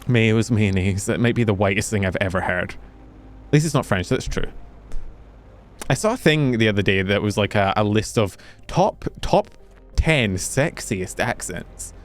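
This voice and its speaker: Young streamer from the UK, self-mocking rambler, low voice, light music underneath. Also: male voice, lively intonation, normal speed. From United Kingdom. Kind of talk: casual chat while gaming.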